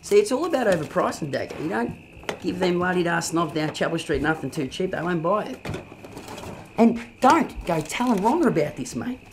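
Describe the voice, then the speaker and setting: A woman playing a loud, brash male Australian bogan junk seller who rants crudely in a comedy film. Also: on the low side, sing-song, a little fast, noisy background. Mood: ranting. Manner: bossy, ranting and crude. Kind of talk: low-budget comedy film acting.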